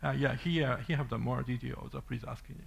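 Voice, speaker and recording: Gravelly man with a Japanese accent. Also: medium pitch, steady tone, brisk, a little hiss or hum. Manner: hesitant, many fillers and restarts. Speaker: conference speaker. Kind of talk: halting conference talk with Q&A.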